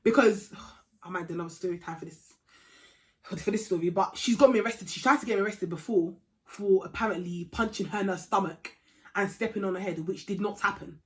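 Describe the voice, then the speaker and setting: A young woman telling a storytime vlog story in a chatty, animated way, dropping to a hush and rising to heated outbursts. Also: mid-range voice, fairly quick. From England. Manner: chatty and animated, swings from hushed to loud and heated. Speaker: vlogger.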